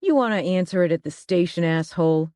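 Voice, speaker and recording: Brief: gruff, threatening cop, as the narrator puts him on, dry read. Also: mid-range voice, fairly even intonation, moderate pace, no echo, lightly acted. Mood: hard. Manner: growling, threatening. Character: gruff tough male police detective.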